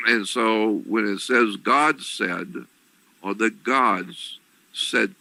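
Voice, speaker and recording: A man giving an explanatory talk on religion, deliberate and repetitive, often clearing his throat. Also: on the low side, bright, forceful tone, dry recording, low-quality recording. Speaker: lecturer on religion.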